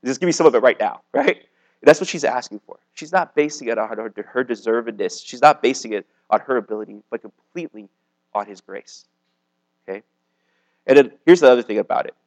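A man's voice: medium pitch, animated, brisk, low-quality recording. A man, likely a youth pastor, preaching a casual sermon to a young live audience in a conversational way, with lots of "like" and "okay?". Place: meeting room with a live audience.

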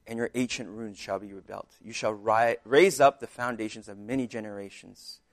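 A man preaching a sermon, praying quietly and reading scripture with rising emphasis, chewing gum because of a dry mouth. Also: lowish voice, steady tone, moderate pace. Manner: chewing gum while speaking; prays softly, reads scripture with rising emphasis. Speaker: pastor.

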